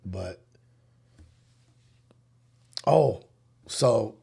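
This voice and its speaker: A man's voice: lowish voice, lively intonation, very slow, gravelly, warm tone, husky. Man musing aloud in casual slang. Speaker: podcast host. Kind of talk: casual livestream commentary.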